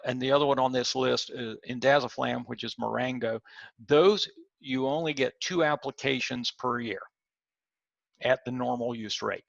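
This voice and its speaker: A man's voice: mid-range voice, gravelly, a bit bright, dry recording, dull audio. A man teaching a training lecture in an explanatory way, putting questions to his listeners and stumbling now and then over product names. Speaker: extension weed scientist lecturing.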